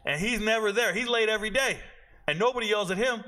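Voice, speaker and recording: A man around forty with a high, bright, forceful voice, ranting casually about sports. He talks bluntly with plenty of swearing and keeps drifting off into personal tangents. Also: fast. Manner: blunt, profane, rambling into tangents. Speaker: sports commentator and show host. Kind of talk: casual opinionated rant.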